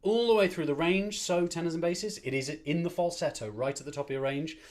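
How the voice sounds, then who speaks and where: Upbeat choir conductor. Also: male voice, fairly high pitch, brisk. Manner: encouraging, upbeat instruction with counted breathing. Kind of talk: online choir rehearsal and warm-up. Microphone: streamed to a screen.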